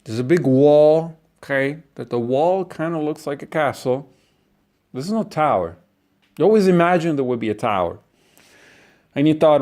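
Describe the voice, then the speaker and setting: A man's voice: fairly high pitch, expressive, normal speed, pauses often, a little mellow. A man delivering a comic monologue, ranting with lots of swearing and acted-out asides.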